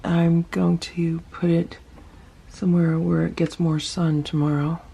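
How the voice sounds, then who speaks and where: A woman's voice: fairly low pitch, little pitch movement, measured pace, creaky, mellow, breathy edge. A woman narrating a casual home vlog, chatting about her cats and talking to them as she films. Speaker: cat rescuer vlogger.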